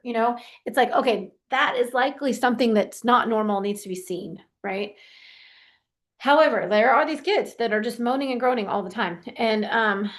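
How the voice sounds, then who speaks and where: A woman coach giving casual advice about young athletes. She talks in a chatty, loose way, full of "like" and "you know", and often acts out the kids she describes. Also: a little high. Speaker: youth sports performance coach. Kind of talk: casual advice talk, answering a question.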